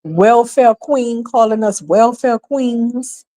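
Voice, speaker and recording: A woman from New York with a slightly high, mellow voice hosts a livestream at a slow pace. She's sarcastic and emphatic, voicing strong opinions and leaning on rhetorical questions.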